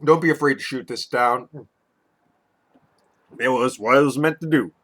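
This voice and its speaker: A drunk man rambling loosely through a casual liquor review vlog, swinging between loud and soft. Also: medium pitch, normal speed, background noise.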